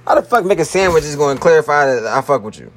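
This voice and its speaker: Profane young Philly man venting, lively pitch. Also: quick pace. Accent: Philadelphia. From Philadelphia. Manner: profane, slangy, pleading then exasperated. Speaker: vlogger. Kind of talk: venting monologue to a girlfriend.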